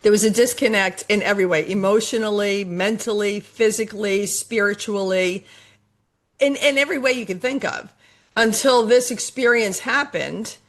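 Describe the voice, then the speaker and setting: A woman's voice: mid-range voice, normal speed. A middle-aged woman, a life coach guest on a podcast interview, talking earnestly and repeating her points for emphasis. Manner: earnest, repetitive, emphatic about affirmations.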